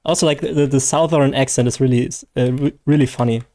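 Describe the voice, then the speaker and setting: A man's voice: mid-range voice, steady tone, quick pace, mellow. A man with a German accent chatting casually and rambling to viewers on a live game stream, his first language German. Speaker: gaming streamer.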